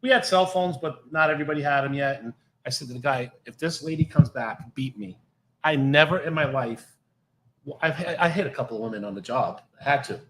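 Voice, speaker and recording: A man's voice: medium pitch, quick pace, reverberant, slight background noise, poor audio. A middle-aged man, a former police officer, telling blunt, profane stories in casual podcast talk. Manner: blunt, heavy swearing, animated retelling. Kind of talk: casual storytelling.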